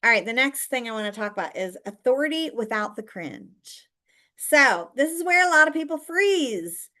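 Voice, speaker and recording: A woman's voice: sits high, lively intonation, moderate pace, bright, forceful tone. A woman coaching viewers directly in a chatty, emphatic way, teaching how to stand out online.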